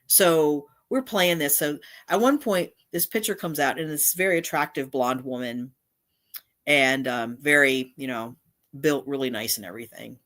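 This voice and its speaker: This is a middle-aged woman hosting a relaxed livestream, and her voice sits low. She rambles from one point to the next, breaking off and restarting her sentences as she goes. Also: moderate pace. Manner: rambling, with frequent restarts and asides. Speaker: channel host. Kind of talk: casual livestream commentary.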